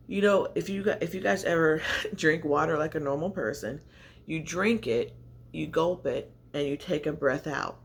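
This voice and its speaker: A woman talks to her camera at home in a rambling, confessional vlog, her voice gravelly with a little fry. She often sounds a bit short of breath, and faint noise sits under the recording. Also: sits low. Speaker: vlogger. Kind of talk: casual vlog chat to camera. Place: home, indoors by natural light.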